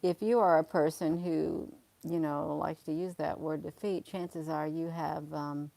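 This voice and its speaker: A woman's voice: low voice, steady tone, unhurried, gravelly, warm tone, no echo. A woman, hosting a casual livestream and talking emphatically and repetitively to viewers, calling them honey. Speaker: livestream host.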